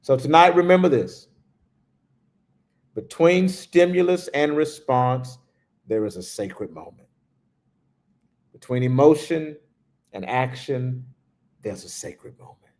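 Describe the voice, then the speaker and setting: Male spiritual teacher, slow gravelly delivery, reflective, hushed emphasis. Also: medium pitch. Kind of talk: livestreamed spiritual talk.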